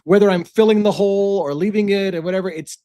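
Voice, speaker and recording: A man's voice: high voice, fast, mellow, dry recording, clean studio sound. A man hosting a casual livestream, chatty and rambling, laughing often. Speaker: livestream host.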